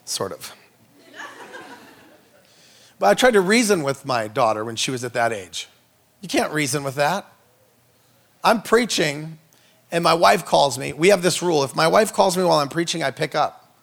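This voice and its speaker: A man in his thirties, a preacher, telling funny family stories in a sermon, joking and acting out voices with big jumps in pitch. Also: expressive, normal speed, creaky, pauses often, fairly bright tone. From Norway. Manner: playful, jokey, acts out quotes with big pitch jumps. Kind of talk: comedic sermon storytelling.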